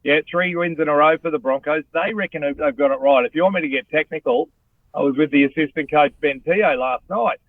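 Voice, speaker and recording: A man's voice: on the high side, fairly quick, no room sound. Australian man on a tinny phone line. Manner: blokey, animated, says "mate" a lot. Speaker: guest, former rugby player and radio host. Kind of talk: casual chat over a phone line.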